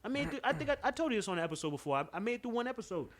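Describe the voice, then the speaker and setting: A young man telling a story on a podcast in an animated, laughing, profane way, a bit stuffy-nosed. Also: extremely high pitch, racing, over a noisy crowd. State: stuffy nose. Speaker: podcast co-host. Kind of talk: casual storytelling chat.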